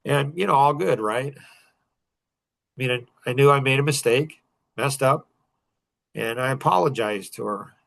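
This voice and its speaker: Gravelly man telling a personal story. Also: unhurried, pauses often. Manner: rambling, emotional, gets louder and higher when emphatic. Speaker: podcast guest.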